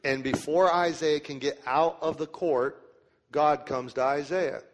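A man preaching a sermon in a church. He reads scripture aloud slowly and then explains it in plain, casual terms. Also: fairly high pitch, fairly even intonation, a little hiss or hum. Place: church sanctuary. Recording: long hall reverb.

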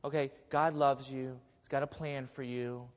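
A man's voice: mid-range voice, little pitch movement, normal speed, long reverb tail. A man in his forties preaching a sermon as pastor, telling a story with stammered restarts and light jokes. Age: 40s.

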